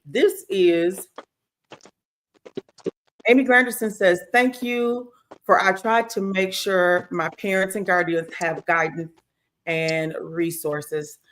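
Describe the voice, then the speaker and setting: A woman's voice: lowish voice, a little hiss or hum, rough recording. A woman hosting a streamed interview show, reading out viewer comments and telling stories with playful mimicry. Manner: animated storyteller, playful mimicry. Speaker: host.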